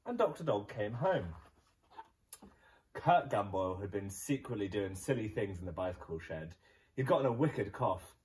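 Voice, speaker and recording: A male primary school teacher from England, reading a children's picture book aloud in an expressive storytelling voice. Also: lowish voice, normal speed, far from the mic, low-quality recording.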